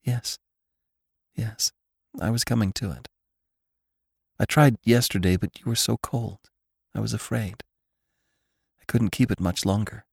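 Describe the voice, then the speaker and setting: Guy reading as a shy young frontier girl, soft and a bit higher, earnest, dry close audiobook sound. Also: a little slow, vocal fry, pauses often, slightly rough, no echo, full character voice.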